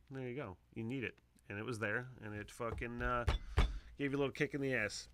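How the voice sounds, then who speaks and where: A man hosting a casual solo podcast, talking in a rambling, profane way that swings from loud excitement to low mutters into a close microphone. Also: moderate pace, slight background noise. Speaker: podcast host.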